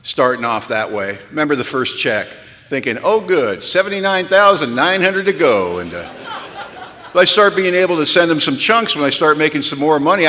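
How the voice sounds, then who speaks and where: In a large hall at a retreat, an animated man tells a live audience the story of his recovery. He is self-mocking and builds toward high-pitched punchlines, and the recording carries the hall's long reverb.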